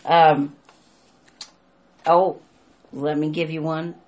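A woman's voice: low-pitched, little pitch movement, drawn-out words, muffled recording. An older woman, a grandmother, talking casually about prayer and her grandson, with many restarts. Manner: warm, rambling, restarts sentences. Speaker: co-host. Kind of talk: casual conversation about faith.

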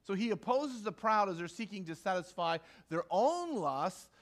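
A man preaches conversationally to a live congregation in a church hall, his high, slightly bright voice animated and moving at a moderate pace with few pauses. As pastor, he stresses key lines by repeating them and acts out quoted voices.

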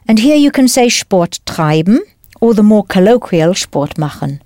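A woman teaching a language lesson in a clear, patient, encouraging scripted voice. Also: mid-range voice, sing-song, measured pace, a little mellow, dry recording, clean studio sound.

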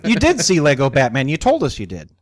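A man's voice: fairly high pitch, wildly swooping pitch, fast, no room sound. A man hosting a casual podcast chat, teasing and joking with his friends. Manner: playful, teasing.

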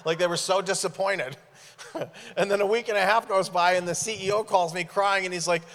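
A man preaching as a guest speaker in church, telling animated stories and acting out the dialogue. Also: sits high, a little fast. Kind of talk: sermon storytelling. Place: church sanctuary. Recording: long hall reverb.

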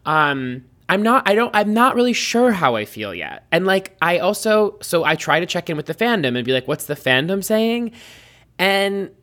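A man's voice: sits high, sing-song, normal speed, few pauses, a bit bright. Rambling male podcast co-host. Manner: rambling, with many ums and likes. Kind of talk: casual chat.

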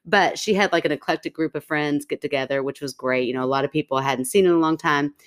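A woman with a slightly low voice chats casually as a podcast co-host. She tells her story in an animated way and breaks into laughter often. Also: quick pace. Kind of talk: casual chat.

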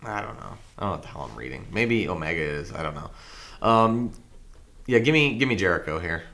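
A man's voice: low-pitched, expressive, bright, forceful tone. A man casually reading out a match list to friends, hesitant and unsure of the names. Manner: reads names haltingly, unsure, laid-back. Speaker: podcast co-host reading out the card. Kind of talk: casual chat among friends.

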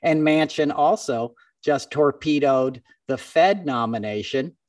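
A man's voice: fairly high pitch, measured pace, no echo, distant mic. A man hosting a podcast, chatting casually about the news and telling stories with frequent laughs. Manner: chatty storyteller, laughs often. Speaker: podcast host. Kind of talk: casual political chat.

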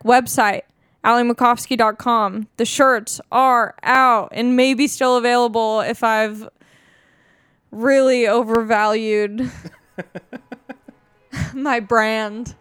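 A woman's voice: fairly high pitch, fairly even intonation, slow pace, pauses often, a bit bright, clean tone, dry recording, studio quality. A woman in her twenties hosting a podcast, rambling in a casual, self-mocking, jokey way. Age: 20s. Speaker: podcast host.

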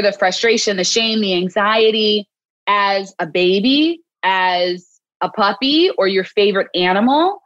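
A woman clinical psychologist, a guest in an interview, speaking gently and reassuringly. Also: mid-range voice, no echo, highs cut off. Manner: gentle, reassuring, acts out soothing self-talk. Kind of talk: interview conversation.

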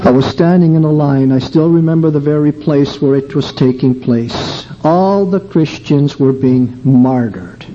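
An older man giving an earnest, emotional sermon testimony, telling a story slowly. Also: fairly high pitch, dark tone. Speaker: preacher. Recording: dull lo-fi recording with faint background noise.

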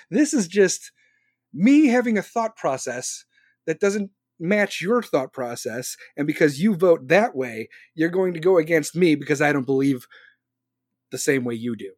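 A man's voice: high voice, animated, normal speed, darkish tone, dry recording, studio quality. A man hosting a casual live stream, reading viewer comments aloud and answering them with sarcastic, argumentative commentary on his phone. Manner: argumentative, sarcastic, talks back to chat. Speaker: podcast host live-streaming.

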